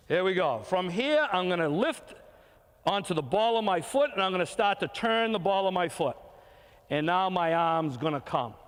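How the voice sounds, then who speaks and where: A man's voice: high voice, fairly bright tone. An older man coaching young kids through a throwing drill, giving short, encouraging repeated commands. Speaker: youth baseball coach. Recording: long reverb from a hall.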